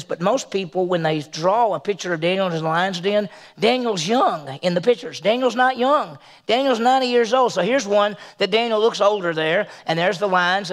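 A male pastor preaching a sermon in a conversational way, with emphatic rises and soft asides. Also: high voice, creaky.

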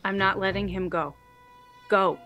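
A woman's voice: medium pitch, unhurried, soft background music. A woman playing a tabletop game, narrating her character's actions with lots of fillers. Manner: animated storytelling with many fillers. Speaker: player. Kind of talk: tabletop role-play narration.

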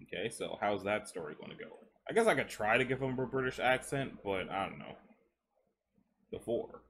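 A man's voice: on the low side, very animated, normal speed, a bit bright, slight background noise. Chatty man reading while chewing gum. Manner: chewing gum while talking, chatty asides, stumbles over words. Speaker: story reader. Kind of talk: casual reading of stories with asides.

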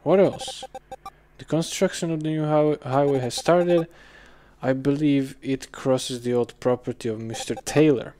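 A man's voice: medium pitch, fairly even intonation, a little slow, mellow. A man giving wry let's-play commentary, muttering and swearing casually. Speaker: game commentator. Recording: faint game music behind.

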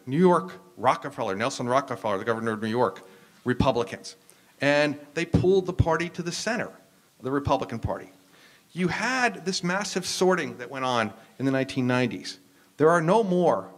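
An American university professor speaking on a panel, explaining at length with frequent "um"s and restarts. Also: male voice, fairly high pitch. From United States. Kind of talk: lecture-style discussion.

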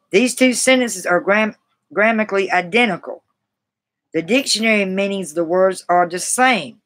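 At a normal speed and in a mid-range, slightly bright voice, a woman live streams herself reading passages from a grammar book. She frequently halts and restarts words, pausing to chat with viewers and make fun of herself.

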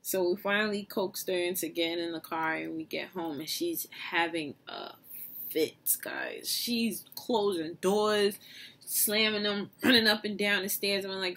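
A young woman vlogger telling a casual storytime, animated and often breaking into laughter. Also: medium pitch, measured pace.

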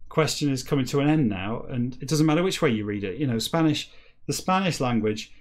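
A man with a British accent hosting a comedic podcast, musing in a wry, rambling, deadpan way and reading text aloud in a slow, halting drawl. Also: medium pitch. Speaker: podcast host reading a novel backwards.

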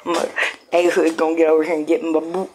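A woman's voice: low voice, flat delivery, a little fast, warm tone, a little hiss or hum. A woman live streaming, chatting casually with viewers in a blunt, profane, rambling way full of fillers.

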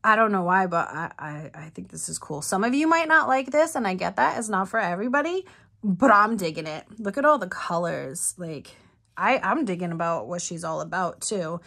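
Excitable giggly woman unboxing at home. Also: on the low side, normal speed, creaky. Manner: excitable and giggly, self-teasing. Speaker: unboxing vlogger. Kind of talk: casual unboxing chat, reading card aloud.

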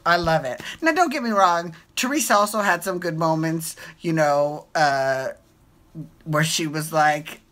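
A woman's voice: deep voice, measured pace, a bit bright. A woman hosting a casual recap chat, gushing and giggling, often repeating herself. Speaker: podcast host.

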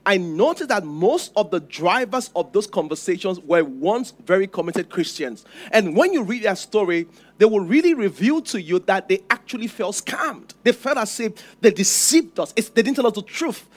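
A pastor with a high voice preaches a sermon emphatically and repetitively, dropping to a hush before rising loud again.

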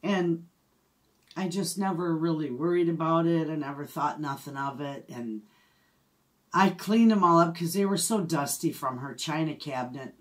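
With a low voice at a normal speed, a middle-aged homestead vlogger from Michigan, USA, tells a story in casual conversation, laughing often along the way.

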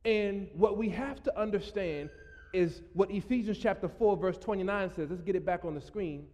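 Pastor, male, playful preaching with laughing asides, slightly high-pitched, reverberant church hall. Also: moderate pace, warm tone. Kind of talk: sermon. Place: church sanctuary.

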